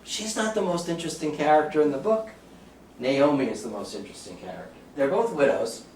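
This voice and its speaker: A man's voice: a little high, expressive, brisk, a little mellow. Bronx-accented man lecturing in a roomy hall. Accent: New York (Bronx). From the Bronx, New York. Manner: chatty, jokey storyteller with audience asides. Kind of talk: talk to a live audience. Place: lecture room. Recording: roomy sound, from far off, faint background noise.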